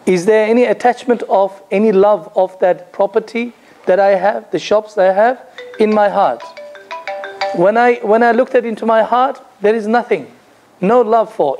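A man's voice: high voice, a little mellow, low-quality recording. A man, an imam, giving a religious lecture to a gathering, telling stories and asking rhetorical questions with a touch of humor.

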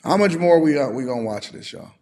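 A man's voice: fairly high pitch, lively intonation, quick pace, warm tone, in a large hall. A man hosting a livestream, reacting to a clip with exasperated, blunt, profane commentary. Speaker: livestream host.

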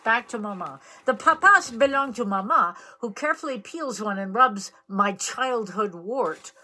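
Bright-voiced playful woman co-host. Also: on the high side, lively intonation, measured pace. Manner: playful, teasing, jumps in to finish points. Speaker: co-host of a museum video. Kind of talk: casual chat and reading a poem aloud.

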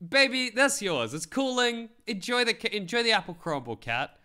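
A man putting on a soft, cooing voice to coax a cat. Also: very high voice, very animated, moderate pace, smooth, voice pushed up, heavily acted. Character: man sweet-talking a cat, coaxing and doting.

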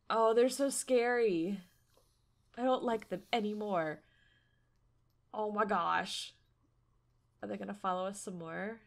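A woman commentating a life-simulation game, chatty and excitable, talking to her viewers and to the characters on screen. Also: medium pitch, a little slow, pauses often. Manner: excitable, squeals and laughs at surprises. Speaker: gaming YouTuber. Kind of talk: let's play commentary.

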